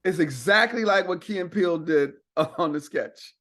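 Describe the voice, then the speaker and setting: A comedian guest telling an animated, profane story and acting out the people in it. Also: male voice, sits high, moderate pace. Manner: animated, profane, acts out quotes. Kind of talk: casual storytelling.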